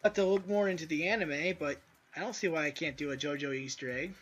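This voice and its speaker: Here the same indie developer gives offhand commentary on his game in a fast, slightly bright, fairly high voice, wandering from thought to thought with crude remarks. Faint music plays under audio that is dull and lo-fi.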